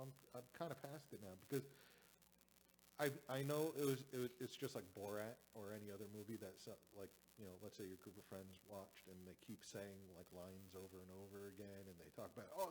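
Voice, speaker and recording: A man's voice: on the low side, quick pace, darkish tone, a little hiss or hum, poor audio. A man from northern New Jersey chatting casually on a group live stream, rambling and restarting his sentences. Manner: rambling, self-correcting, with many restarts. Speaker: podcast host.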